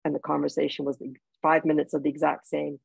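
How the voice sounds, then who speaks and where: A woman's voice: low-pitched, flat delivery, fast talker, creaky, a little mellow, breathy edge, no echo, poor audio. A woman from Jamaica, an author guest in an interview, telling personal stories in a heartfelt way with restarts. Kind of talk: interview conversation.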